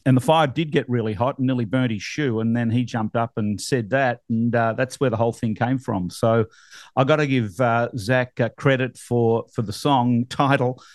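A man's voice: mid-range voice, fairly even intonation, moderate pace, no room sound. A middle-aged man with an Australian accent, hosting a podcast in casual, rambling chat full of fillers and easy laughs. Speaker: podcast host.

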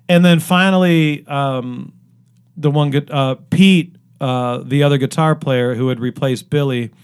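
A middle-aged man from Cleveland talks through his memories as a guest musician in a loose, casual way. He keeps restarting sentences and piles up fillers, and his voice sits at an ordinary middle pitch. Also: smooth. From Cleveland, Ohio. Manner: rambling with many fillers and restarts. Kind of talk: casual interview storytelling.

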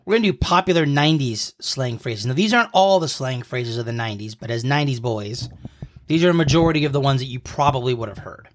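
A man in his thirties co-hosts a casual podcast, speaking quickly and expressively at a medium pitch. Close to the mic, he quizzes his partner and explains slang like a playful mock lesson.

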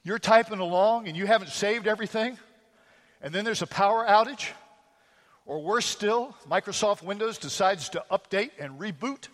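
A man's voice: high voice, normal speed, fairly bright tone, long reverb tail. A male pastor preaching a sermon, telling homely stories and asking the congregation rhetorical questions.

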